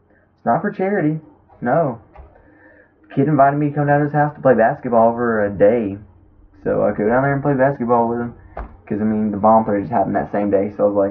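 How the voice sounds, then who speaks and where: A young man with a fairly low voice talks through his week in a loose, rambling way, stopping and restarting as he goes. The sound is thin and tinny, much like it is coming over a phone line. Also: gravelly. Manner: rambling storyteller with many fillers and restarts. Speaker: vlogger. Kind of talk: casual rambling monologue.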